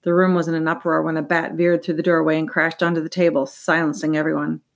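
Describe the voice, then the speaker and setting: Woman reading an audiobook, low voice. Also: fast. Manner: steady reading with small slips. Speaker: audiobook narrator. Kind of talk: audiobook narration.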